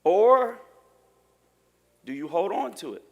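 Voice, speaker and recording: Lively joking preacher man. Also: sits high, takes it slowly, muffled recording. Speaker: pastor. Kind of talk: sermon. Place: church.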